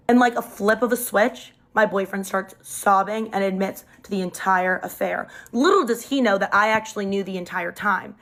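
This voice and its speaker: A woman's voice: medium pitch, moderate pace, few pauses, fairly bright tone. A young woman telling a dramatic personal story in a chatty, casual storytime style, leaning hard on emphasis.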